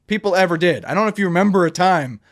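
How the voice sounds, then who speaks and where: A man's voice: high-pitched, very fast. A man hosting a casual podcast chat, talking emphatically with many restarts. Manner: animated, emphatic, rambling with restarts.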